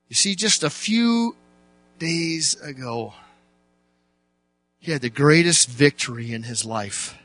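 A man preaching a sermon as a pastor, telling the story dramatically, dropping to slow, quiet words and then jumping up to loud, shouted bursts. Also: on the high side, expressive, no echo.

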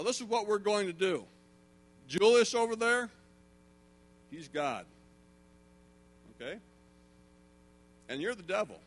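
A middle-aged man preaching a sermon, telling stories in an animated way and building to emphatic preaching. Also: high-pitched, a little hiss or hum. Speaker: pastor.

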